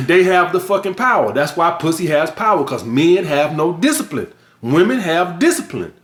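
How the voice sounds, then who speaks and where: Speaking in a high, slightly bright voice, a middle-aged man addresses his vlog viewers directly in a blunt, profane monologue, hammering his points home. His emphatic lecturing echoes around the room.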